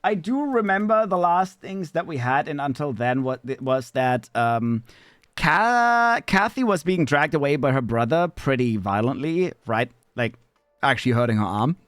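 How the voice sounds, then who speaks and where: A man chatting casually on a live stream, rambling and swearing, with sudden squeaky high bits. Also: animated, moderate pace, fairly bright tone, no echo, studio quality.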